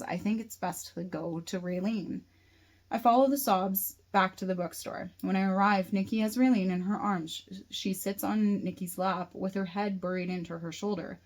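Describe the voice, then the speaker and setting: Female author-narrator, steady first-person audiobook reading, unpolished and plain. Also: mid-range voice, poor audio. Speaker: author reading her novel.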